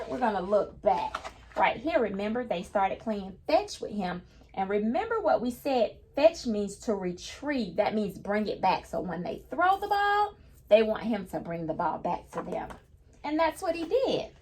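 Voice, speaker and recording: A woman's voice: a little high, sing-song, moderate pace, a little mellow, slight background noise. A woman reading a picture book aloud to children, patiently stopping to explain each new word in simple terms. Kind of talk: children's read-aloud lesson.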